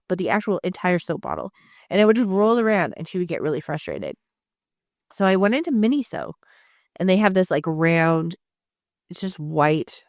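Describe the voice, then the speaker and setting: A woman's voice: low voice, dry recording, studio quality. A woman in her thirties co-hosting a podcast, rambling casually, swearing freely and laughing often. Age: 30s. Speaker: podcast co-host. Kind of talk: casual chat.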